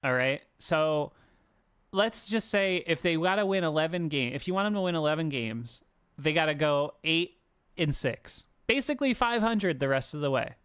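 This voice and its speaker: A man co-hosting a casual sports podcast, animated and ranting, swearing freely as he talks through a schedule. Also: a little high, moderate pace, clean tone. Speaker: podcast co-host.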